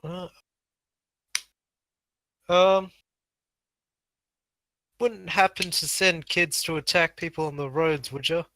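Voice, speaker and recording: A man playing a tabletop game talks slowly and hesitantly, pausing often to think. His voice is higher than most men's and bright, and the sound is dry. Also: fairly even intonation, dry recording, rough recording. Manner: hesitant, full of ums. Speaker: player.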